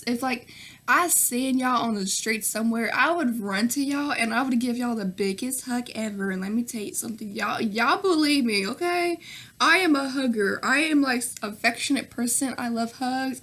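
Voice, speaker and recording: A woman's voice: high-pitched, a bit bright. A young woman from Nashville with a Southern accent, chatting through viewer questions in a casual vlog, full of fillers and pet names, often laughing between answers. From Nashville, Tennessee. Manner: chatty, full of fillers and "girl", "sis", "y'all". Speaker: vlogger.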